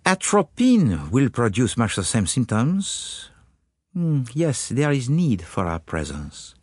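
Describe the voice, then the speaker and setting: A man voicing a fastidious, methodical detective who speaks precisely and formally in an audiobook. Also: medium pitch, huge pitch swings, husky, no room sound, studio quality, voice pushed up, exaggerated voice. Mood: probing.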